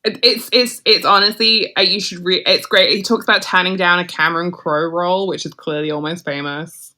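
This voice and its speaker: A woman's voice: lowish voice, steady tone, fairly quick, sharp tone. A woman guesting on a podcast, chatting casually with lots of "like" fillers.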